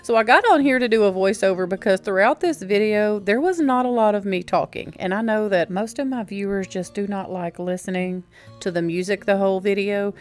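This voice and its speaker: A woman's voice: mid-range voice, a little fast, faint music behind. A woman, chatting casually as a vlog host, friendly and rambling, laughing now and then. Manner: friendly, rambling, uses y'all, laughs often. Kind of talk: casual chatty voiceover and haul talk. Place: home.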